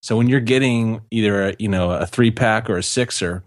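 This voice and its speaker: A man chatting casually on a podcast with a fairly low voice. He rambles and restarts his sentences, full of ums and you-knows. The close mic sounds dry, with no room around it. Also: normal speed, no room sound. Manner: rambling, many fillers and restarts, laughs easily. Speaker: podcast co-host.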